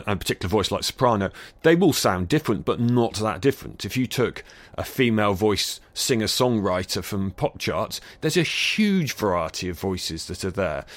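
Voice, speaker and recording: A man's voice: low voice, no echo. A man with a mild received-pronunciation British accent, explaining things thoughtfully as an interview guest, with fillers and restarts. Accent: near-received pronunciation British. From Britain. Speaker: guest expert on acoustics. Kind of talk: conversational interview answers.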